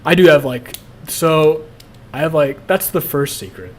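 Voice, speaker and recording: A man's voice: fairly high pitch, lively intonation, measured pace. Profane young man confessing on stream. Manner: blunt, profane, laughs at himself. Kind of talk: casual confessional chat.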